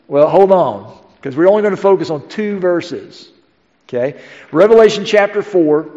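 A middle-aged pastor preaches in an easy, conversational way and keeps asking rhetorical questions of his congregation. His voice sits fairly high for a man. It carries through a church sanctuary with a long tail of reverb, captured on a dull, muffled recording. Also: expressive, normal speed, mellow. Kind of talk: sermon.

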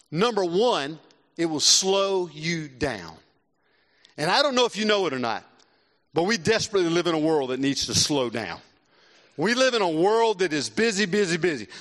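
A middle-aged man from South Carolina preaching a sermon, animated and swinging between loud exclamations and hushed earnest tones. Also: high-pitched. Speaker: visiting preacher. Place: large church with long reverb. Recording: reverberant church hall.

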